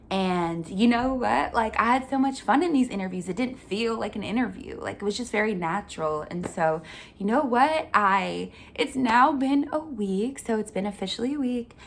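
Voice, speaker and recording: A young woman hosting a vlog, talking in a casual, earnest way with lots of filler words and an upbeat, animated delivery. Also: medium pitch, a little hiss or hum. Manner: chatty, earnest, full of "like" fillers. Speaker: vlog host. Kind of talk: casual life-update chat.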